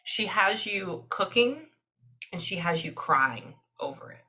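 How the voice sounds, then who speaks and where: A Texan woman giving a medium's reading in an animated, chatty way, often pausing to listen. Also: lowish voice. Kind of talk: casual spoken reading session.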